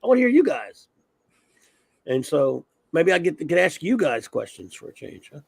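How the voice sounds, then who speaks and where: Gravelly man hosting a casual stream. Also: on the high side, big pitch swings, normal speed, darkish tone, dry recording. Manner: rambling, reads off viewer names, loose. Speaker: livestream host. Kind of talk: casual chat.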